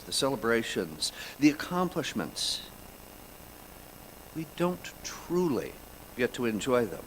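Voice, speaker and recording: A man in his forties giving an earnest personal reflection at a church service, with slow dramatic pauses. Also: mid-range voice, slight background noise, poor audio. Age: 40s. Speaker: congregation member sharing a reflection.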